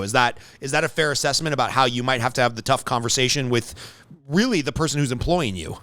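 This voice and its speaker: American guy hosting a business podcast, bright crisp voice, dry close sound, blunt and jokey. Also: medium pitch, fast, dry recording. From United States. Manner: blunt, joking, swears freely. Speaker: podcast host and business coach. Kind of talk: casual interview chat.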